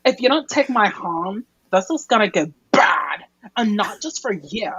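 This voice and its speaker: A woman's voice: mid-range voice, big pitch swings, measured pace, a bit bright, slightly rough, highs cut off, heavily acted. A woman reading the lines of a young woman from a comic, urgently warning a man and pleading with him.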